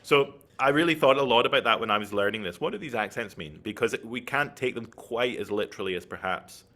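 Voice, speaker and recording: A man's voice: medium pitch, a little fast, bright, forceful tone. A man giving an online flute masterclass, explaining technique and checking in with his listeners as he goes. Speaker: flute teacher.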